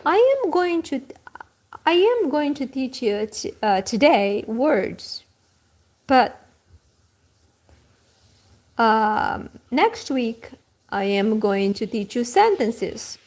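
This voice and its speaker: A woman teacher speaks very slowly, sounding out each word with care and saying it twice. Her voice is high and lively, rising and falling a lot. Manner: slow, careful pronunciation with each word said twice. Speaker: language teacher. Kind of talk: slow repeat-after-me vocabulary lesson.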